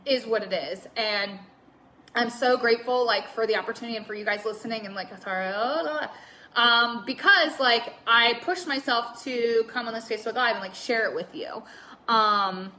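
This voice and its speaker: Bright-voiced woman rambling on a live stream. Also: on the high side, normal speed, slight background noise. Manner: rambling, many "like" fillers, candid and swearing; reads out viewer comments. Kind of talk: casual Facebook Live chat.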